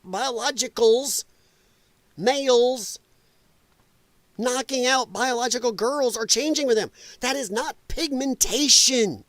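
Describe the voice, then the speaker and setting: A man's voice: very high-pitched, slow, fairly bright tone, dry recording. A man hosting a live political commentary stream, reacting bluntly and profanely to clips and laughing often.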